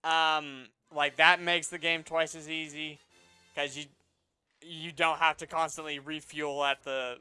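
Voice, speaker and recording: A man's voice: fairly high pitch, unhurried, clear, resonant tone, soft background music. A man co-hosting a gaming live stream, chatting casually, laughing often and telling stories with lots of energy. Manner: laughs often, animated storytelling. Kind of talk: casual chat while gaming.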